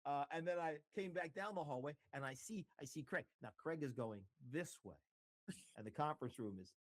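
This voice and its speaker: A man's voice: a little high, a little fast, no echo. A middle-aged man, a radio host, telling a story in casual conversation and acting out the dialogue with laughs. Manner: animated, acts out dialogue with laughs. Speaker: radio host, interview guest.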